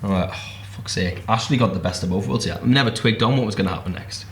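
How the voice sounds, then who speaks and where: A man's voice: on the low side, quick pace, echoey room, background noise. A man hosting a casual podcast in a pub, telling stories in British English, acting out voices and swearing freely. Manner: animated storyteller, swears freely, acts out voices. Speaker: podcast host.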